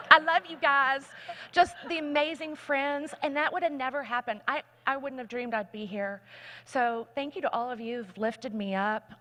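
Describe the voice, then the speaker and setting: A woman's voice: fairly high pitch, a bit bright. A woman giving a candid, emphatic inspirational talk on a conference stage. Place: large conference hall. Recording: long hall reverb.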